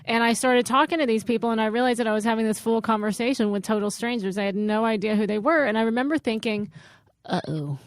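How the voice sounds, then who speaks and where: A woman's voice: on the high side, fairly even intonation, fast, hardly any pauses, no echo. A woman co-hosting a comedy podcast, telling a self-mocking story in casual chat. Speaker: podcast co-host.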